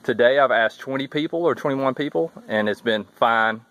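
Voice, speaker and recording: A man vlogging casually as he hikes a trail, chatty and wry, thinking out loud. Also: medium pitch, brisk, a crowd in the background, low-quality recording. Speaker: thru-hiker vlogger. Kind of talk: casual walking vlog. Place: outdoors on a wooded hiking trail. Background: faint outdoor ambience.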